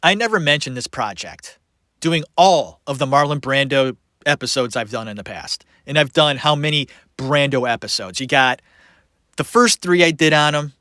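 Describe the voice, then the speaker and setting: A man hosting a solo podcast, talking about actors in an animated, sarcastic way with frequent laughter. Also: mid-range voice, moderate pace, no room sound. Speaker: podcast host.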